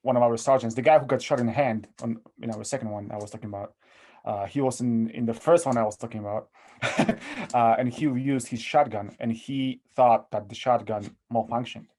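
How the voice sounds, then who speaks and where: A man with a Polish accent talks in a relaxed podcast chat, his tone mellow and warm. He often stalls and repeats words, filling gaps with "you know." His pitch sits at an ordinary middle height. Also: fairly quick. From Poland. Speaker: guest, sheriff's deputy. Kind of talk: casual podcast interview.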